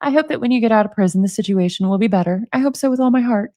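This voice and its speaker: A woman's voice: on the high side, very fast, dark tone, no echo, studio quality. A woman in her forties reading prison emails aloud and commenting on them, amused and sarcastic, laughing often. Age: 40s.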